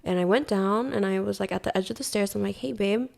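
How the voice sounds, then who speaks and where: A woman from Hawaii tells a story as a podcast guest, talking in a chatty way with "like" in nearly every line and plenty of swearing. Her voice sits in a middle pitch with a gravelly vocal fry. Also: quick pace. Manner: chatty, heavy use of "like", swears often. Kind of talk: casual storytelling.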